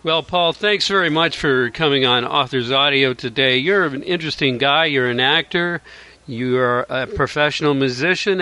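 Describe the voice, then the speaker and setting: Bright-voiced male radio host. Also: mid-range voice, clean tone, dry recording. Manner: formal, reading an introduction. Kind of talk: scripted introduction and interview questions.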